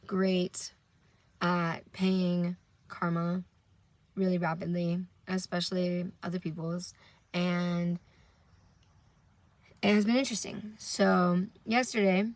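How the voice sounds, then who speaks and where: A tired young woman with a slightly low voice rambles through a candid, profane story in a casual vlog. The sound is dry and close, with no room echo. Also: level tone, slow, long pauses. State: tired from little sleep. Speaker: vlogger.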